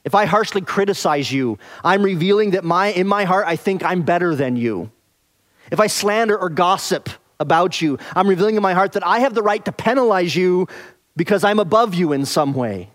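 With lively intonation and a fairly high voice, a pastor earnestly preaches an expository sermon, alternating heavy stress on certain phrases with soft, slowed-down passages.

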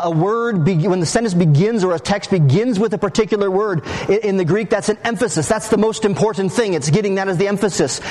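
Man preacher, slightly higher voice, emphatic teaching sermon, slows to stress key words. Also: a little mellow, poor audio. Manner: emphatic, teacherly, with slow stressed phrases and quick asides. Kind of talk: expository sermon.

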